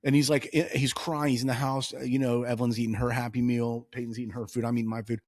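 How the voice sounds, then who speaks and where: Animated storytelling drives this clip: a man in his thirties, co-hosting a casual political podcast, acts out dialogue with lots of energy. He speaks at a quick pace in a medium-pitched voice, in a dry recording with clean studio sound.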